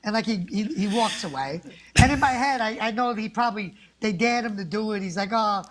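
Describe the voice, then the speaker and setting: In a relaxed interview, a guest actor wanders from story to story and acts out the characters he quotes. His voice sits high and is expressive, moving at a fairly quick pace.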